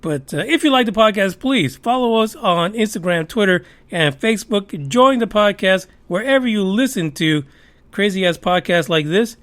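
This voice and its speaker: A man's voice: high-pitched, animated, moderate pace, fairly bright tone. A man hosting a podcast, giving heated, profane, sarcastic commentary on the news. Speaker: podcast host.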